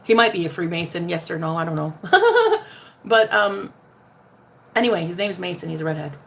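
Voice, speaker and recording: A woman's voice: on the low side, a little fast, gravelly, a little hiss or hum. Sassy woman ranting to the viewer. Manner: sassy, talks straight to the viewer, calls them honey; laughs often, jumps between loud and hushed. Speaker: vlogger. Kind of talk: casual spiritual vlog rant.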